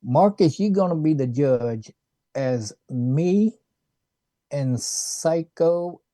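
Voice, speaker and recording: A man co-hosting a casual wrestling talk show, speaking in slow, measured host patter. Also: on the high side, lively intonation, warm tone, no echo. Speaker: podcast co-host.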